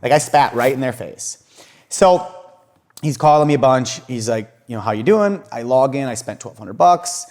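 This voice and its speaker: A young man appears as a podcast guest, speaking at medium pitch and moderate pace. He tells his story casually and animatedly, swearing a lot, laughing often, and acting out what other people said.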